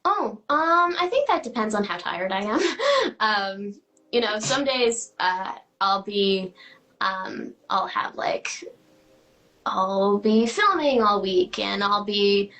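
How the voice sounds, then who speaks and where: A woman's voice: medium pitch, animated, slow pace, pushed and bright, poor audio. A teenage girl, a guest actress, answering interview questions chattily with lots of fillers and giggles.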